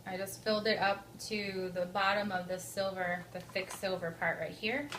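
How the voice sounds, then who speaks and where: A woman co-hosting a casual chat, talking in a conversational, gently coaxing way. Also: medium pitch, steady tone, moderate pace, roomy sound, slight background noise, poor audio. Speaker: co-host, wife.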